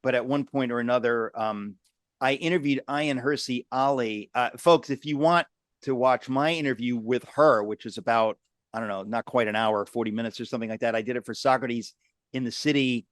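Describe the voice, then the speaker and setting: A man's voice: medium pitch, fairly quick, dry recording. A man with a mid-range voice hosts a conversational interview, exclamatory and speaking straight to his viewers. His voice is dry and close to the mic. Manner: exclamatory, addresses viewers directly. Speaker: host.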